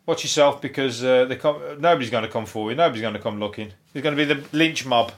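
A man's voice: medium pitch, fast talker, few pauses. A man hosting a solo podcast, ranting in a rambling, profane way with restarts and chuckles. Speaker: podcast host.

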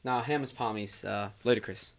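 A man's voice: medium pitch, moderate pace, creaky. A man with an Australian accent, co-hosting a casual chat who stubbornly holds his ground and keeps calling the other man mate. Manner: stubborn, laid-back banter, says mate a lot.

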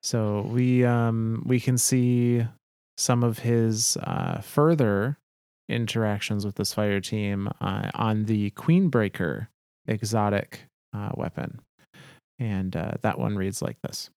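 A man co-hosting a podcast, reading game lore aloud and discussing it in a measured way with many fillers. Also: fairly low pitch, fairly even intonation, vocal fry, a little mellow, no echo, clean studio sound. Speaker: podcast co-host.

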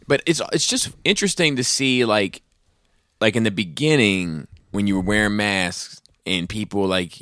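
A man's voice: on the low side, moderate pace, fairly bright tone, dry recording, clean studio sound. A man in a casual chat, rambling with lots of fillers and swearing.

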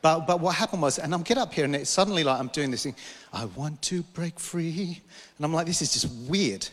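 A British man preaching a sermon. He tells a personal vision in a meandering way, stopping himself and tossing in jokes. His voice sits a little high for a man, and it carries a long reverb from a large hall. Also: expressive, fast, a bit bright. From Britain. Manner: storytelling, rambling, self-interrupting, joking asides. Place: church hall.

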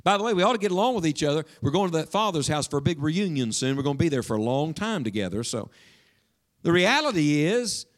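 A man preaching a sermon to his congregation in a church, emphatic and questioning, dropping suddenly to a hush. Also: fairly high pitch, very animated, fast. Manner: speaks directly to the congregation with questions. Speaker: pastor.

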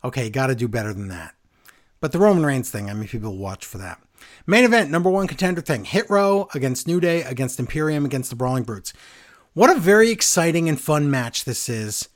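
A man co-hosting a casual wrestling recap podcast, sarcastic and lively as he runs through the night's events. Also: mid-range voice, fairly quick. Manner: animated, sarcastic play-by-play.

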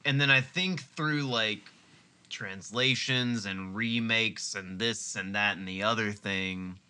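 A man chatting casually while playing a video game, rambling and excitable. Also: lowish voice, slow, clean tone. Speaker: let's play co-host. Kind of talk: casual gameplay chat.

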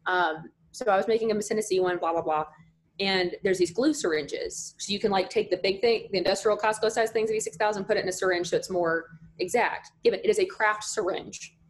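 A young woman chatting casually as a podcast guest, full of "like" fillers and animated storytelling. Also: medium pitch, a little fast. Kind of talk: casual chat.

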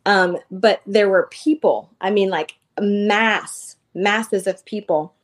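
A woman's voice: medium pitch, slow pace. A woman in her thirties, a podcast guest, telling a personal faith story in casual, earnest talk full of fillers. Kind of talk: casual testimony.

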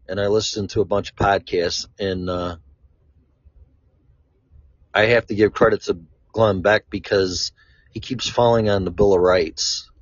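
Blunt, low-voiced man from Chicago. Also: husky, dry recording. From Chicago, USA. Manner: blunt, rambling, swears freely. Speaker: vlogger. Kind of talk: casual monologue. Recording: dull lo-fi, dry sound.

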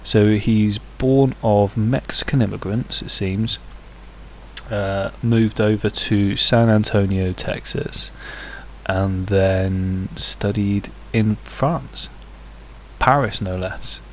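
A man's voice: fairly low pitch, steady tone, slow, slight background noise. A man hosting a podcast on his own, rambling casually with many hesitations and crude, jokey asides. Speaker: podcast host. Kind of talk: casual solo podcast chat.

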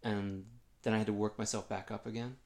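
Animated man telling a self-mocking story. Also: on the low side, brisk. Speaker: guest. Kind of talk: storytelling in a conversation.

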